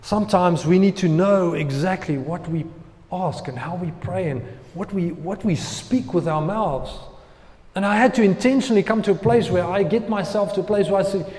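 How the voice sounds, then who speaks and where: A man delivers a sermon in a slightly higher-than-usual voice, pushing some phrases out loudly and dropping others to a near hush. His voice rings out with long reverb, as if filling a church hall. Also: normal speed. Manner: preaching with swings from loud emphasis to hushed asides. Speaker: pastor.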